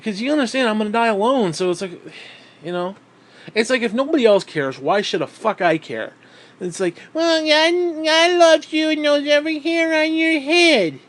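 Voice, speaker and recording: A high-voiced man rants into the camera, short of breath, swearing constantly as he vents bitterly. His pitch sits well above most men's. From New York State. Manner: profane, bitter ranting. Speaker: vlogger. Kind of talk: ranting vlog monologue.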